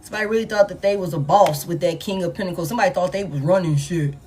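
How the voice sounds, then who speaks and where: A woman's voice: lowish voice, rapid-fire, a little mellow. A woman giving a casual tarot reading in a blunt, profane manner, with laughing asides. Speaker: tarot reader.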